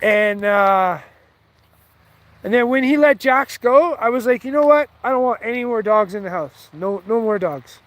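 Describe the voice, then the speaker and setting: A man with a strikingly high voice tells a rambling, heated story, swearing freely as he goes. He sounds casual and offhand. The sound is dry and close, with no room echo. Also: expressive, normal speed, fairly bright tone. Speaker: vlogger.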